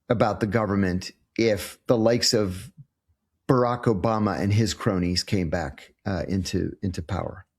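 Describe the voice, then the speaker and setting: Animated man telling stories. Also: medium pitch. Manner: animated storyteller, acts out quoted exchanges. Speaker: interview guest, former intelligence officer. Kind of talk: casual interview answers.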